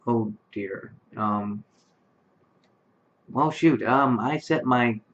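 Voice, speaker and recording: With a medium-pitched, fairly bright voice and drawn-out words, a tired man in his late twenties vlogs to camera in his bedroom late at night. The casual, rambling talk is packed with fillers and restarts, and the webcam microphone leaves it dull and lo-fi.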